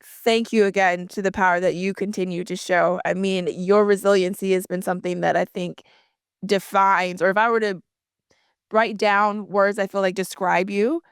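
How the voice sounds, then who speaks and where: Smooth-voiced woman podcast host. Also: mid-range voice, steady tone, moderate pace, no echo, studio quality. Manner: upbeat, playful questioning. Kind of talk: casual podcast interview.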